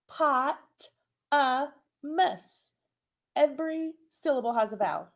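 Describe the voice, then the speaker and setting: A woman teaching a phonics lesson to young children, sounding out syllables and letters slowly and encouragingly. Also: sits high, vocal fry, darkish tone.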